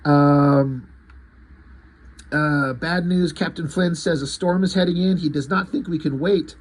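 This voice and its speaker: A man's voice: fairly high pitch, measured pace. A man casually paging through a comic book, loosely retelling the story in a rambling way.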